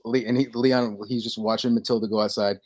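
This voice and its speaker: A man co-hosting a casual podcast, telling stories with lively energy and acting out lines in quick bursts. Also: mid-range voice. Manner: animated storytelling, acting out movie lines. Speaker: podcast co-host. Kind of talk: casual chat.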